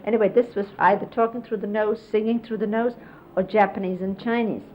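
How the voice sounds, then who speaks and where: Steady in tone and fairly quick, this mid-range voice belongs to a middle-aged disciple reminiscing about a spiritual teacher. She explains hand gestures casually, using lots of fillers, over faintly hissing, dull 1970s videotape audio.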